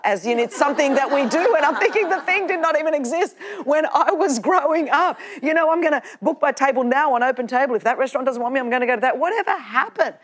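Australian female preacher in her fifties, high-pitched, energetic and playful. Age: 50s. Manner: animated, joking, with frequent laughs. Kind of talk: lively sermon to a live audience.

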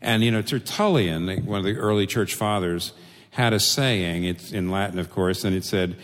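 A man's voice: deep voice, moderate pace, big-room sound. A male preacher giving a sermon, asking rhetorical questions and repeating phrases for emphasis.

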